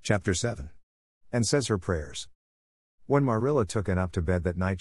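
A male audiobook narrator reading in a steady, even way. His voice sits on the low side, and the close mic gives a dry sound with no room echo. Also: moderate pace, pauses often, breathy edge. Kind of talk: scripted narration.

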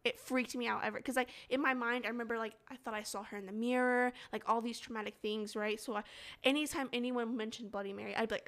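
A young woman chatting on a casual podcast, telling stories with animation and a constant "like". Her voice sits a little high, and she talks fast. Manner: animated storytelling, frequent "like". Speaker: podcast co-host. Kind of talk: casual chat.

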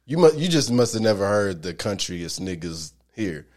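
A man's voice: big pitch swings, moderate pace, a little mellow. A man from Nashville with a Southern accent, chatting casually and joking, often breaking into laughter. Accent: Southern US, Nashville area. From Nashville, Tennessee. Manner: joking, laughs often, swings his pitch widely. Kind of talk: casual chat.

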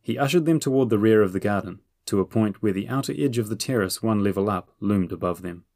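In a clean studio recording with no room sound, a man with a lowish voice narrates an audiobook chapter from a script. His storytelling is steady and measured.

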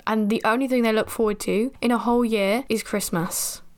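A woman's voice: a little high, steady tone, fairly quick, a little mellow. Chatty woman recapping a film. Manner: chatty, self-deprecating, rambling. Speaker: podcast host.

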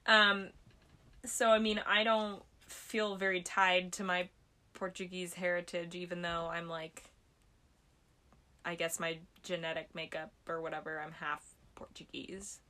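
A woman's voice: lowish voice, little pitch movement, unhurried, sharp tone. A young woman from the United States hosting a podcast at home, chatting casually and giggling, with lots of fillers. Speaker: podcast host. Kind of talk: casual chat.

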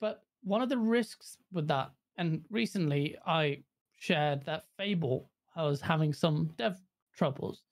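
A woman co-hosting a gaming podcast, talking bluntly in casual chat, swearing freely and jumping into high mocking quotes of other people. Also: measured pace. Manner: blunt, profane ranting. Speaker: podcast co-host.

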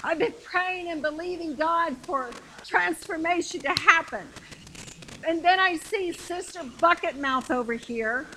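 A woman's voice: very high voice, a little slow, pushed and bright, slight background noise, poor audio. A middle-aged woman preaching a sermon in a conversational, emphatic way, repeating phrases to build up her point, with a congregation answering her.

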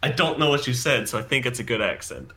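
A young man with an American accent chatting casually as a podcast co-host, relaxed and full of fillers. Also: mid-range voice, quick pace. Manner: relaxed, filler-heavy, laughs easily. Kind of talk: casual chat.

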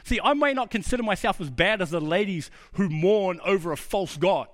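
Middle-aged New man preaching, high voice, earnest, confessional, drops quiet for emphasis. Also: lively intonation, brisk. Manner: earnest, personal storytelling with sudden drops to a low, quiet voice. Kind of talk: sermon.

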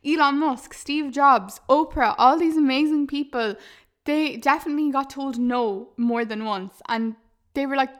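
Girl in her 20s on her podcast, bit high, chatty and earnest, laughs a lot. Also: measured pace. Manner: chatty and earnest, laughs often, says "lads" and "like". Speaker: podcast host and YouTuber. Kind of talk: casual podcast chat.

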